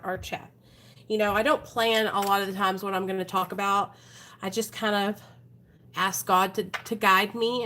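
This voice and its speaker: A woman's voice: medium pitch, sharp tone, slight background noise. Frank woman hosting a recovery livestream. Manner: frank and earnest, often addresses viewers as "you guys". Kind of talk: casual live-stream talk to viewers. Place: at home.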